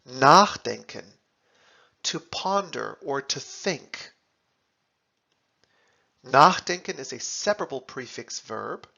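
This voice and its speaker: Very slow, gravelly man teaching. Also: medium pitch, lively intonation, pushed and bright. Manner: deliberate, spells out German words and translations. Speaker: language teacher. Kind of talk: scripted lesson narration. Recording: dull lo-fi recording.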